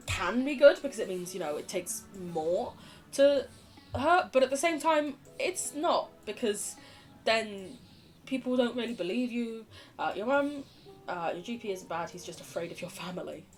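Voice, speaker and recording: A young British woman chatting casually on a gaming livestream, wandering off on tangents and laughing often. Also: fairly high pitch. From United Kingdom. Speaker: streamer.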